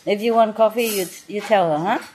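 A woman's voice: medium pitch, fairly even intonation, a little fast, background noise. A woman guiding a group at a restaurant table, joking and teasing in playfully non-native English and laughing often. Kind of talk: casual joking chat.

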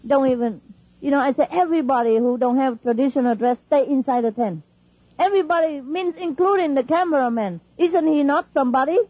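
A woman's voice: sits high, fairly quick, dark tone, no echo, lo-fi sound. A woman spiritual teacher talking informally and emphatically to her followers, laughing often and speaking in non-standard English.

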